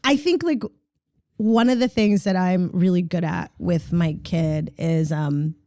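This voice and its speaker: A woman's voice: lowish voice, a little slow, dark tone, no echo. Middle-aged woman guesting on a podcast, playful and giggly, lots of likes, dry close mic. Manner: playful, laughing, acts out her toddler's lines. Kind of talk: casual chat.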